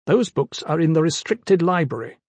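A man voicing a scornful young male scholar-priest in an audiobook, pitched well above his narration, condescending. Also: animated, moderate pace, a little mellow, no echo. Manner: sneering, condescending.

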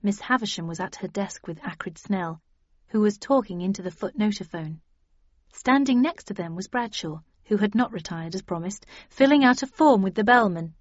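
A woman narrating a story in an even, wry first-person reading. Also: medium pitch, no echo. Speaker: audiobook narrator. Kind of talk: scripted narration. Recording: dull dry lo-fi audio.

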